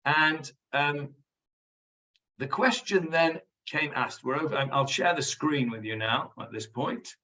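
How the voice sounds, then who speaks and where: Rabbi, bright and forceful voice, teaching online; sits back from the mic, audio dull. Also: male voice, on the high side, a little slow, distant mic. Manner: chatty, explains Hebrew words to students. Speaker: rabbi teaching a Talmud class. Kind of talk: online Talmud lesson. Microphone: video call.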